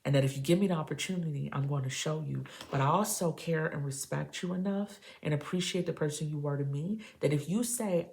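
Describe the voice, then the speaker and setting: Woman tarot reader, deep and gravelly, emphatic and preachy but casual with the viewer. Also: a little fast, few pauses, a little mellow. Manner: emphatic, preachy, talks straight to the listener; casual, says baby and y'all. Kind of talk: tarot reading to camera.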